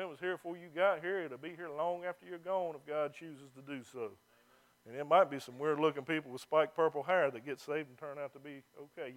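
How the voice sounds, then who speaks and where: High-voiced preacher with a drawl. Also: male voice. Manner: preaching, loud when reading scripture, drops low and mocking when preaching. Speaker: pastor. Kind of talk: sermon.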